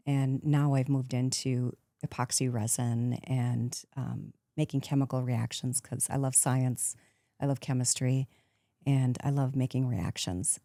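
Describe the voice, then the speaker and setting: A woman in her fifties, a guest in a casual interview, telling stories in a lively way, acting out quotes and laughing often. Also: rumbling low, gravelly, no echo, studio quality. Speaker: guest, actress turned painter.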